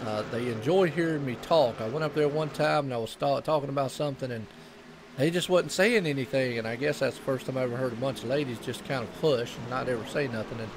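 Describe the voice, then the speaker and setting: A man's voice: mid-range voice, quick pace, noisy background. A man with a Southern US accent, commentating a sim race broadcast in a chatty way and laughing often.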